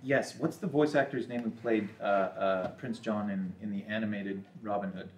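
A man's voice: fairly low pitch, moderate pace, slight background noise. A man, an actor guest, chatting in a friendly, enthusiastic way. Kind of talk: casual banter. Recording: roomy, mic from a distance.

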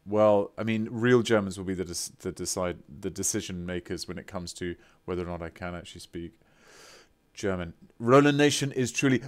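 A British man with a fairly low voice chats live with his stream audience. He is excitable and playful, reading out viewer messages and breaking into grand, theatrical exclamations. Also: fairly quick. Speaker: voice actor streaming a game.

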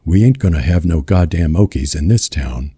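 A man doing a gruff drunk vigilante. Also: deep voice, lively intonation, normal speed, warm tone, dry recording, clean studio sound, full character voice. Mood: hostile. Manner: gruff bullying drawl.

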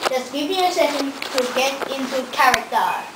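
A girl playing a hammy squeaky seal host. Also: normal speed, recorded from a distance, lightly acted. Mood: boastful. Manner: hammy, self-satisfied, squealing at her own jokes. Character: goofy vain female seal show host. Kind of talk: homemade comedy sketch. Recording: echoey room, faint hiss, off-mic.

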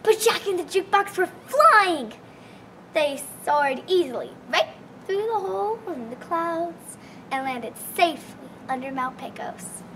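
A woman telling a children's tall tale in a lively, expressive, folksy way. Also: very high voice, a little slow, slight background noise. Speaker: storyteller. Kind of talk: animated storytelling for children.

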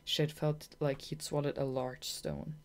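A woman narrating a children's audiobook in a measured, gentle storytelling manner. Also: low-pitched, little pitch movement.

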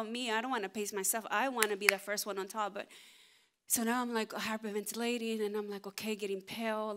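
A middle-aged woman pastor telling a funny personal story in a sermon, animated and self-mocking, with many restarts. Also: a little high.

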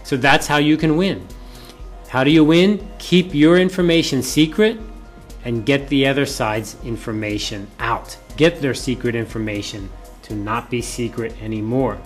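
A man's voice: medium pitch, normal speed, soft background music. Male professor giving a lecture. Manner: repeats key points and asks rhetorical questions. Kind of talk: classroom lecture.

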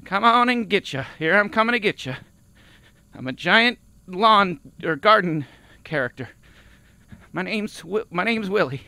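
A man voicing a clumsy amateur actor auditioning as a giant garden creature, loud and mock-menacing. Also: high voice, expressive, measured pace, no room sound, full character voice. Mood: mock menace.

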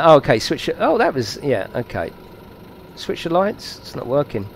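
A man giving excitable, chatty live commentary while streaming a game and talking to his viewers. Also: on the high side, moderate pace.

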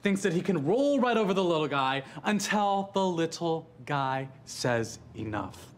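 An actor playing an uptight, sarcastic gay dad in a sitcom, with dry, pointed delivery. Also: male voice, sits high, sing-song, quick pace, a little hiss or hum. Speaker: sitcom character. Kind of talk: sitcom acting.

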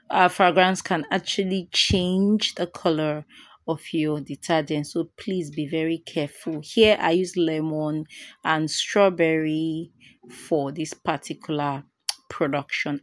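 A woman hosts a homemade DIY tutorial in a tired voice set a little low. She talks chattily and keeps pleading with viewers to support the channel. The sound is close and dry, with no room around it. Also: no room sound. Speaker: channel host, DIY formulator. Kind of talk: tutorial voice-over.

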